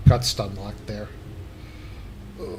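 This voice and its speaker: A man's voice: fairly low pitch, steady tone, slow, heavy background noise. A man livestreaming a game and chatting casually with viewers, rambling with lots of fillers and blunt, crude remarks. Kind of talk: casual chat while gaming.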